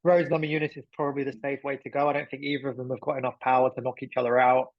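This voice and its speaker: A man's voice: mid-range voice, little pitch movement, racing, no room sound. A man co-hosting a podcast in casual chat, chatty and thinking aloud with plenty of fillers. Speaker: podcast co-host. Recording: dull lo-fi sound.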